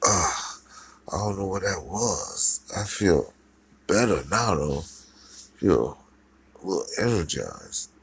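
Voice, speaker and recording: A man playing a brash teenage boy caught off guard, his lines jumping up and down in pitch and breaking into startled, halting bursts. The voice is gravelly and slow, recorded close and dry in a fan-made storybook reading. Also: very animated, heavily acted, rough recording. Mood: puzzled.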